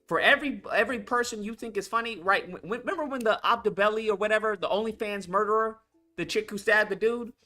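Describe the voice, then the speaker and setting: A man's voice: high voice, pushed and bright. A man hosting a casual commentary show, ranting bluntly and profanely, repeating himself for emphasis. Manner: blunt, profane, repetitive and heated. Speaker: commentary channel host. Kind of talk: casual political commentary rant.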